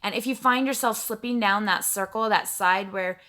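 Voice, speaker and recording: A middle-aged woman vlogs from her home in front of a backdrop, chatting to the camera with a bright, crisp edge to her voice. She rambles along casually and pokes fun at herself. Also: mid-range voice, normal speed. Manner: chatty, rambling, self-mocking. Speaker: vlogger.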